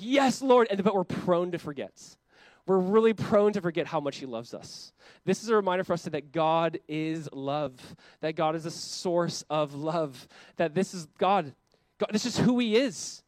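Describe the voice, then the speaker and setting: There's no echo on this high-voiced young adult man's sermon. As the pastor, he preaches fervently and often quotes God in quick asides.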